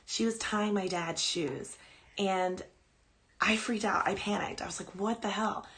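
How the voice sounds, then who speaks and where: A woman podcast host casually shares a personal ghost story on a live stream, chatty and rambling, and she breaks off to coo at her dog. She has a medium-pitched, fairly bright voice. Her tone is steady and she goes a little slow.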